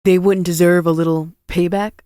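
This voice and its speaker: A woman's voice: on the low side, level tone, normal speed, warm tone, clean tone, dry recording, studio quality, lightly acted. A woman voicing a sly, teasing young man. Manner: sly and conspiratorial.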